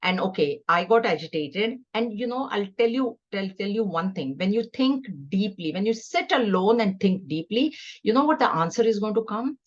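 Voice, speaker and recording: A woman's voice: mid-range voice, animated, moderate pace, highs cut off. A middle-aged woman giving a scripture class, teaching earnestly and conversationally with stories. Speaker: spiritual teacher.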